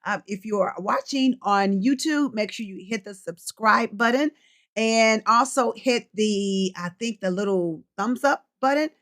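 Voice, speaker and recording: A woman's voice: medium pitch, measured pace, a bit bright. A middle-aged woman coaching and hosting a casual livestream, chatting freely, reading out viewer comments and laughing often.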